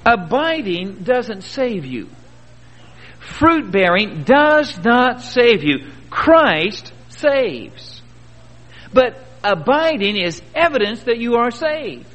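A man's voice: very high-pitched, big pitch swings, slow, a bit bright. A man preaching a sermon in a folksy, earnest way, with rhetorical questions and homespun stories. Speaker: pastor. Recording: dull old recording in a reverberant hall.

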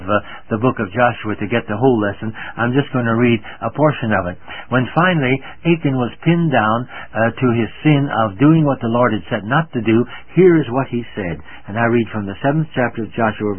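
Older male radio preacher, husky tinny sound. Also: medium pitch. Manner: earnest and emphatic, reads scripture slowly. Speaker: radio Bible teacher. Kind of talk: radio sermon. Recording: narrow tinny old radio broadcast.

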